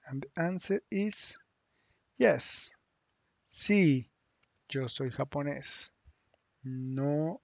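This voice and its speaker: A man from Mexico, teaching a lesson online and saying the model phrases slowly so learners can repeat them. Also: a little high, gravelly, darkish tone, no echo. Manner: slow, drawn-out model phrases for repeating aloud. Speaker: Spanish teacher.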